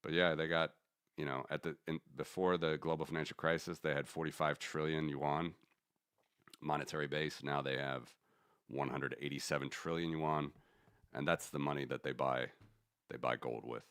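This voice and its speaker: A man's voice: a bass voice, steady tone, moderate pace, fairly bright tone, smooth, no echo, studio quality. A man hosting a casual commentary stream, rambling and correcting himself as he talks through charts. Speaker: host.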